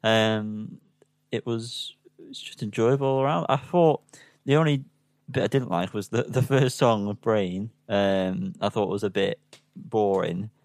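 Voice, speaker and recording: Homem hesitante de voz grave. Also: male voice, on the low side, a little slow, darkish tone, dry recording. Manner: hesitant, lots of ums, self-deprecating. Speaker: podcast co-host reviewing albums. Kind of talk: casual chat.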